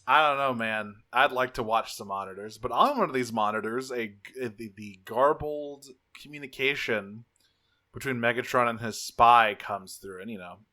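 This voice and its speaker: Male podcast co-host: bright, forceful tone, casual profane recap, rambles. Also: medium pitch, moderate pace. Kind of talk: casual episode recap chat.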